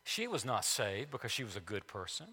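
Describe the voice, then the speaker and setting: A male pastor preaching a sermon in a church, emphatic, repeating key phrases and swinging between loud declarations and hushed asides. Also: on the low side, very animated, fairly quick, husky, big-room sound. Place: church sanctuary.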